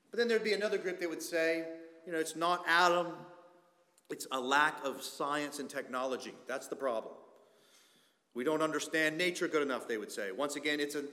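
Pastor guy preaching hard, lots of rhetorical questions, bit high voice, big echoey church. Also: pushed and bright. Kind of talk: sermon. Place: church sanctuary. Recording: echoey church hall reverb.

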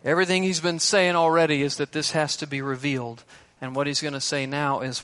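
A man preaching an expository sermon, emphatic and shifting between loud stresses and hushed words. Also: on the high side, steady tone, brisk.

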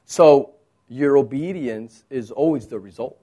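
A man from Texas preaching a sermon, moving between soft low asides and raised, emphatic points. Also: a little slow, husky. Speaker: pastor.

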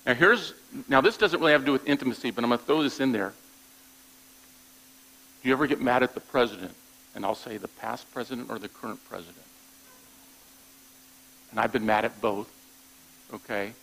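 Male pastor, gravelly mid-pitched voice, plainspoken conversational sermon delivery. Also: a bit bright, poor audio. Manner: conversational preaching with frequent "all right?" check-ins; repeats words when restarting thoughts.

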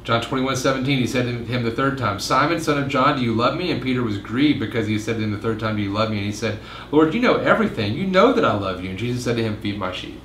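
A pastor giving a casual midweek Bible teaching, chatting with jokes and asides and acting out quoted lines in a raised voice. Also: male voice, steady tone, quick pace, hardly any pauses, a bit bright. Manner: conversational, jokes and asides, acts out quotes with rising pitch. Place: meeting room. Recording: roomy echo, faint room noise.

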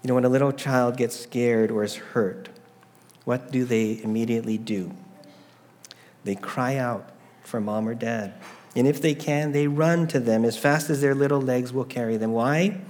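A man's voice: mid-range voice, moderate pace, darkish tone, in a large hall. A middle-aged man preaching a sermon, telling a family story with rhetorical questions. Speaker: pastor.

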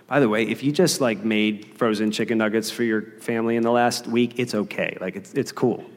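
A man's voice: mid-range voice, animated, a little fast, few pauses, long reverb tail. A man preaching a sermon as pastor, earnest and conversational, with emphasis that rises and falls.

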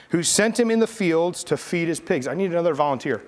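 A slightly high male voice, lively in intonation, runs briskly with hardly any pauses. It belongs to a pastor leading a children's message, chatting playfully through a Bible story as he coaxes and directs kid volunteers.

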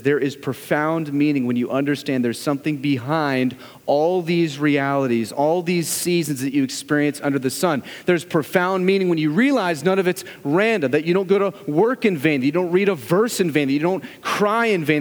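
A male pastor delivers a sermon in a voice that sits a little high for a man, earnest and built on rhetorical questions. He swings between loud, urging runs and hushed, low passages. The sound hangs in the long reverb of a large church hall.

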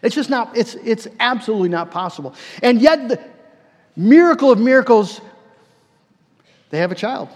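A man preacher delivering a sermon, emphatic, repeating words and slowing down for key phrases. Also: very high-pitched, expressive. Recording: long hall reverb.

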